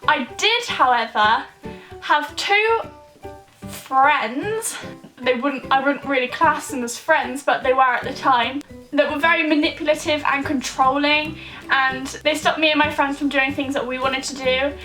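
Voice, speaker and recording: A woman's voice: sits high, unhurried, bright, forceful tone, faint music behind, low-quality recording. A young woman chatting casually in a vlog, reading out viewers' questions and answering them in an upbeat way. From United Kingdom.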